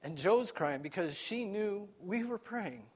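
A man preaching a sermon as a pastor, telling a story earnestly and swinging between raised and hushed passages. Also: sits high, animated, a little slow, slightly rough.

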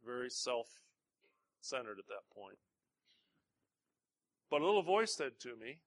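A man, a pastor, preaching a conversational sermon, telling a personal story with self-deprecating humor and halting restarts. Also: mid-range voice, very animated.

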